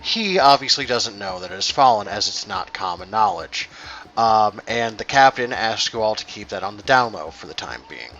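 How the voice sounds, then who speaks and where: A man's voice: lowish voice, expressive, moderate pace, sharp tone, highs cut off, slight background noise. A man acting as game master, casually explaining rules and narrating scenes. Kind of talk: running a tabletop game.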